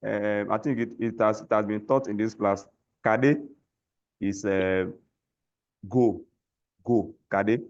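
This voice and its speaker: A man's voice: fairly low pitch, steady tone, slow pace, long pauses. A man teaching a language lesson over a call, patiently repeating words for learners to echo. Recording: lo-fi call audio.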